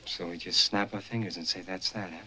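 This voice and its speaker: An actor playing a gentle, troubled young husband who speaks softly and hesitantly, stammering, in a 1950s film drama. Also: male voice, sits low, steady tone, fairly quick, slight background noise. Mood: anxious.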